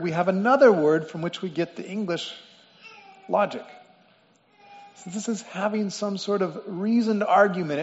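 High-voiced man preaching in a hall. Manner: explains word meanings, repeats phrases for emphasis. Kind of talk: sermon. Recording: dull lo-fi sound with long reverb in a hall.

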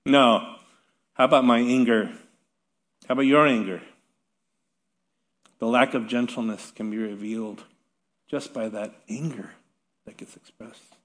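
A man's voice: medium pitch, measured pace, long pauses. Middle-aged guy pastor preaching, chatty and self-mocking, mid voice, long reverb from the hall. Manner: conversational, self-deprecating humor with light laughs. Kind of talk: sermon.

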